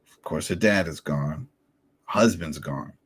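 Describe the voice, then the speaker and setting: On a casual podcast, a male co-host with a deep, rumbling, slightly breathy voice talks a little slowly. He animatedly recaps scenes and acts out the characters' lines.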